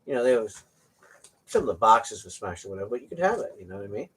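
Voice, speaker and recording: An older man casually telling trucking stories to his viewers, animated, swearing now and then and laughing along. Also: fairly low pitch, quick pace, slightly rough. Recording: distant from the mic.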